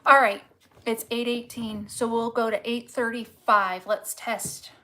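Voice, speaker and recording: A woman with a slightly high voice reading tarot cards in a casual, off-the-cuff way. She is blunt and swears freely, talking straight to the viewer. She drives her points home by repeating them. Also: little pitch movement, a little slow, bright, forceful tone. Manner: candid and profane, talks straight to the viewer; emphatic and repetitive when making a point. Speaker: tarot reader.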